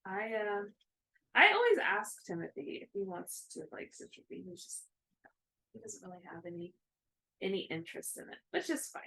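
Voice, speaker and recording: A woman's voice: medium pitch, gravelly, pushed and bright, rough recording. A woman in her thirties, co-hosting a casual chat about cross-stitching, rambling with many fillers.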